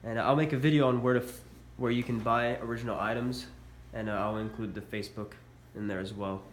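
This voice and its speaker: In a casual show-and-tell vlog, a man with a cold shows military collectibles, hesitating and filling pauses with uhs. His medium-pitched voice stays steady in tone, moving a little fast and sounding stuffy. An echoey room and faint background noise surround him.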